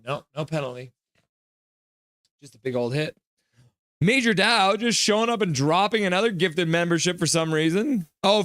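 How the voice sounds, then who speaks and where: A man hosting a live hockey reaction stream, reading chat messages aloud, joking and reacting loudly to goals. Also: a little high, dry recording, studio quality. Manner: excitable, reads chat aloud and jokes.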